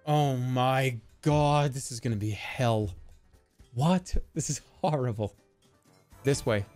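A man streaming a game live, giving excitable, profane, self-mocking commentary as he plays. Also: mid-range voice, slow, faint music behind.

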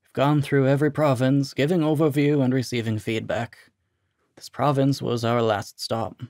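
A man voicing a weary, resigned captive officer in a storybook reading, speaking quietly and flatly. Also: mid-range voice, moderate pace, no echo, studio quality, close to an everyday voice. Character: weary captured party officer, resigned and numb.

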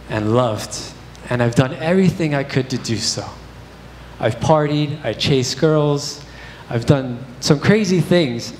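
Young guy preaching, chatty and candid, echoey church hall, a bit of hiss. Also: mid-range voice. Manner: candid, conversational storytelling with fillers. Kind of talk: sermon. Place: church sanctuary.

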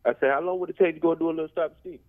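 A man's voice: on the high side, fairly even intonation, very fast. Southern man calling in, tinny phone. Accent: Southern American. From Tennessee. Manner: laid-back, drawling, repeats his question. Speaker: caller. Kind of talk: phone-in call.

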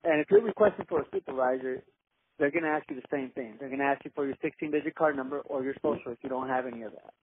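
A man's voice: medium pitch, steady tone, racing, husky, no room sound. A man working as a phone agent, insistent and scripted. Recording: tinny phone line with faint hiss.

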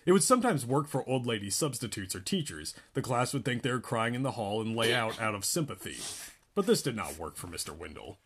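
A man reading a book aloud in an animated way, often laughing between lines. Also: medium pitch, brisk, slight background noise. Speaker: reader.

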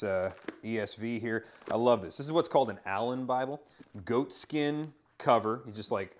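Casual pastor touring his bookshelf. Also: lowish voice. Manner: relaxed, rambling, enthusiastic with fillers and asides.

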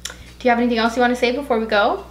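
A woman co-hosting a podcast in a casual chat, talking freely with lots of "like", emotional and quick to tear up. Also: a little high, steady tone, roomy sound, low-quality recording. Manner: chatty, heavy use of "like"; emotional, easily tearful. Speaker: podcast co-host.

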